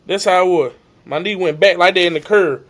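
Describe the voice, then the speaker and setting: A young man telling an emotional personal story to his viewers, acting out the shouts and the voices of coaches along the way. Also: high voice, brisk. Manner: animated, acts out shouts and coaches' lines.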